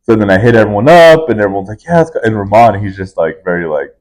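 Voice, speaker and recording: A young man with a lower voice co-hosts a casual podcast. He tells his stories in a relaxed way and lets them stretch out. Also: fast talker. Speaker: podcast co-host. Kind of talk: casual chat.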